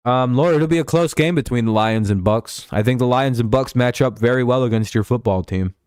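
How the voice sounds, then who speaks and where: A man's voice: medium pitch, a little fast, darkish tone, clean tone, no echo. A young man hosts his live stream in an easy, meandering chat, dropping curses as he reads viewers' messages. His voice sits in a middle range. The sound is dry and close, with no room around it.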